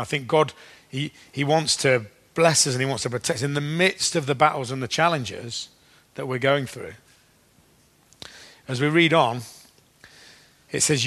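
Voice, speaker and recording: A man preaching a sermon at an everyday, middle pitch. He talks in a loose, conversational way, with ums and restarts, and slows down to read scripture. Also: fairly bright tone. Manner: conversational, with fillers and restarts, slowing for scripture readings.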